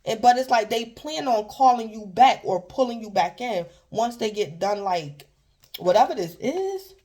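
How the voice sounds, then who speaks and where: A woman's voice: a little high, lively intonation, normal speed, a little mellow. Woman, casual tarot reading, rambling, repetitive, talks straight to the viewer. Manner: rambling, repeats herself, keeps addressing the listener by star sign. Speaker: tarot reader.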